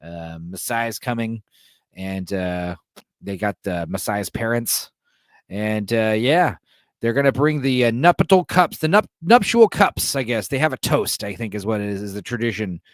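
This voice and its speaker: A man's voice: lowish voice, expressive, a little slow, no echo, clean studio sound. A man hosting a podcast, retelling a film's plot in a casual, irreverent, joking way. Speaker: podcast host. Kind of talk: casual film recap.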